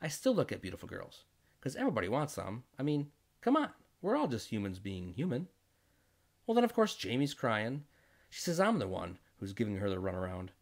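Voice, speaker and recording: A man telling a comic first-person story, jokey and fast-shifting between voices. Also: medium pitch, huge pitch swings, vocal fry. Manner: jokey storytelling with quick voice switches.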